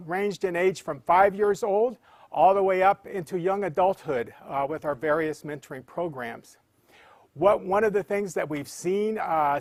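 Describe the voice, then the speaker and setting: A man's voice: a little high, no room sound. A man who heads a charity, giving an earnest, heartfelt welcome speech. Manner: earnest, warm-hearted address. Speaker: charity president and CEO.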